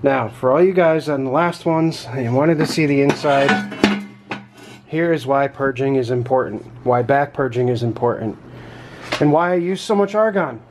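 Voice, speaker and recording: A man showing his welding work in a relaxed, plain-spoken way, with casual swearing, recorded in his fabrication shop. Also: mid-range voice, normal speed, a little hiss or hum. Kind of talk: casual show-and-tell.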